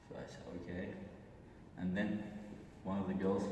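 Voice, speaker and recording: A man with an Azerbaijani accent from Aghdam reads a prepared comic monologue in a measured, deliberate way, now and then restarting a word. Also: sits low, steady tone, a little mellow. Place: large hall indoors. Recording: echoey hall, distant mic, faint hiss.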